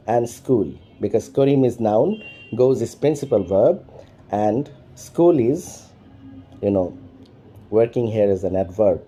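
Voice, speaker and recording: A man's voice: mid-range voice, dark tone, breathy edge. A middle-aged man teaching an English lesson, repeating his points and often checking that listeners understand. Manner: repetitive, keeps checking understanding. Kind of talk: spoken lesson.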